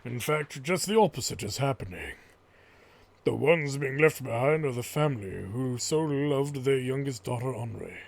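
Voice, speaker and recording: Gravelly-voiced man reading a game story. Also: medium pitch, animated, normal speed. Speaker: let's play host. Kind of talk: slow dramatic narration of game text.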